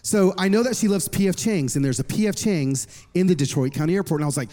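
Man, high voice, energetic sermon storytelling, long hall reverb. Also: fast talker, hardly any pauses. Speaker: worship pastor.

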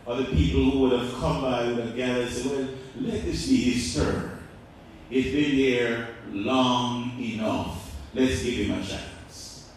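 A male pastor preaching a sermon, asking the congregation rhetorical questions and swinging between loud and quiet. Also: mid-range voice, steady tone, a little slow, slight background noise. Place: church. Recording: echoey church hall, mic far off.

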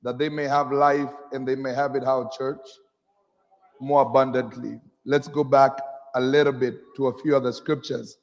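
A man preaching a sermon, reading scripture slowly and drawing responses from the congregation. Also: mid-range voice, little pitch movement. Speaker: pastor. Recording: long hall reverb.

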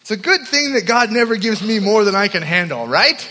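A man preaches to young people at a camp, weaving in humorous, self-deprecating stories. His voice sits high for a man. The sound carries a long, lingering hall reverb. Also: big pitch swings, fairly quick, hardly any pauses, pushed and bright. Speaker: youth camp speaker. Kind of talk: storytelling sermon.

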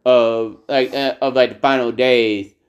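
A man's voice: mid-range voice, fairly even intonation. A man co-hosting a casual podcast, reading a news story aloud and talking with many fillers and restarts. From United States. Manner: halting, heavy on fillers like "like" and "uh". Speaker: podcast co-host.

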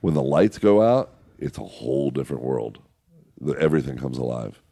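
A man telling excited, profane hunting stories in casual chat. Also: very deep voice, normal speed, gravelly. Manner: excitable, profane storytelling with laughs.

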